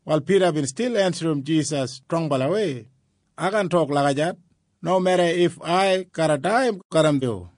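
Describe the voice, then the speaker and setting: A man with an Australian Kriol accent narrates a story in an even, unhurried way. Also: on the high side, no room sound, clean studio sound. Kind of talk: scripted narration.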